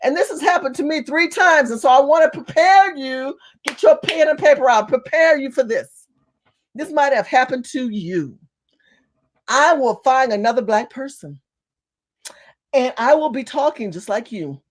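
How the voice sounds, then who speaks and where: A woman telling a story to her camera in an animated, emphatic rant, with some cursing. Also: high-pitched, normal speed. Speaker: vlogger. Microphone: phone or camera facing her.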